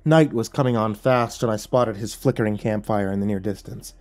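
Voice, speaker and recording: A man's voice: lowish voice, darkish tone. Man narrating a horror story. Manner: measured, dramatic storytelling. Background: faint music.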